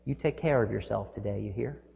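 Gentle woman toll taker, as a male preacher puts her on, soft and quiet, echoey hall. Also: brisk, creaky. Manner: soft, gentle and low-key. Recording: echoey hall, dull lo-fi sound.

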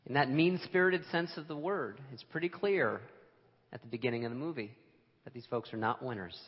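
A man preaching a sermon to a congregation in a relaxed, conversational and self-deprecating way, with emphatic moments. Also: mid-range voice, brisk, slightly rough, long reverb tail, lo-fi sound. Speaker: pastor. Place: church sanctuary.

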